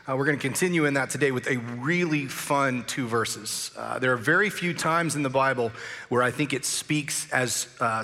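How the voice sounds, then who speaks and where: A man preaching a sermon as pastor, telling a story in a relaxed, conversational way with frequent fillers. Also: mid-range voice. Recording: long church hall reverb.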